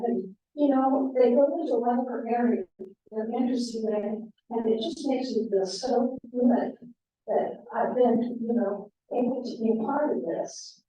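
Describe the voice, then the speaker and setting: A woman's voice: fairly high pitch, mellow, a little hiss or hum. Chatty American woman, echoey and distant. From United States. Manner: chatty storyteller, many fillers. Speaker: guest speaker. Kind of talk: anecdotal talk to a club. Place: club meeting room. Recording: echoey room, voice from far off.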